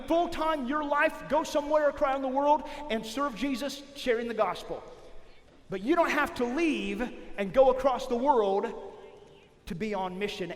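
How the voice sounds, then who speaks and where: A man giving an energetic youth camp sermon, swinging from loud calls to the crowd to hushed whispers as he tells a story. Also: very high-pitched, in a large hall.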